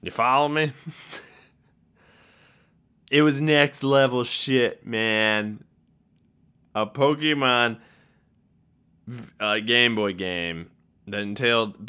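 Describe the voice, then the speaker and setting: Rambling young man, lively deep voice. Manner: rambling, self-interrupting, laughs at himself. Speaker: podcast host. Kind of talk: casual solo podcast monologue.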